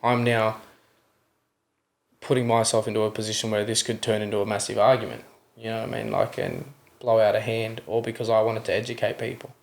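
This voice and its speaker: A young Australian man with a gravelly, creaky voice tells his story as a podcast guest, earnest and candid. His pitch stays fairly flat as he acts out the voices in his retellings and keeps checking in with "you know what I mean.". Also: fairly quick.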